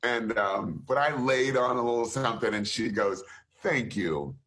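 A man's voice: mid-range voice, moderate pace. A man, a voice actor, telling an anecdote on a remote call through his computer mic, laughing as he goes. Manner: lively storyteller who laughs and slips into voices. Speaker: voice actor guest.

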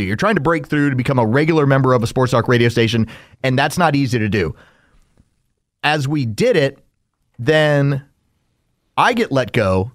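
A man's voice: mid-range voice, no room sound, studio quality. A man co-hosting a casual podcast, talking in an earnest, reflective way and often repeating a word as he starts a sentence. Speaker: podcast co-host and sports radio host.

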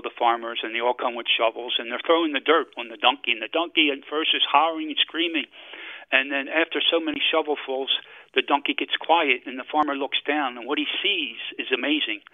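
Priest on radio, dull broadcast sound. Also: male voice, mid-range voice, no echo. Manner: preachy, repetitive phrasing, chuckles. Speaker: priest guest. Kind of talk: radio talk and storytelling. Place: radio studio.

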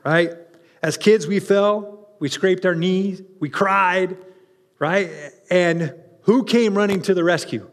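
Brief: pastor, man, high voice, lively conversational preaching, long reverb of a church hall. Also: slow. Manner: animated, conversational, with restarts and asides to the congregation. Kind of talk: sermon.

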